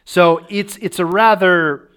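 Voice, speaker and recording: A male podcast host leading a true-crime tale in casual, chatty conversation. His voice sits a touch high, and he keeps checking in with his co-host as he goes. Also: fairly even intonation, slow pace, fairly bright tone, clean tone. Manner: chatty, often laughing, checks in with "right?". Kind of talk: casual storytelling chat.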